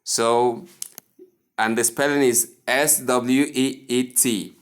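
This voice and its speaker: A man with a Nigerian English accent teaching pronunciation in a formal, deliberate way, repeating words to contrast right and wrong forms. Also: mid-range voice, fairly even intonation. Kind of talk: slow deliberate pronunciation lesson.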